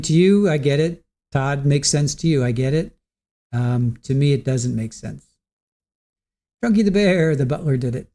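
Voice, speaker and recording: Livestream host, male, warm and slightly high voice, unscripted and halting, mulls over viewer comments. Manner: hesitant, repeats words, thinks aloud; reads viewer comments and answers them. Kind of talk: casual commentary reading chat.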